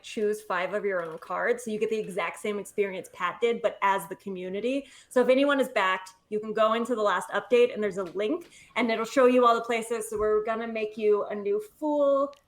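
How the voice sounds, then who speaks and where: A woman guest in a casual interview, speaking fast and bubbly with self-deprecating jokes over a video call. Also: medium pitch. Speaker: guest, literacy nonprofit leader.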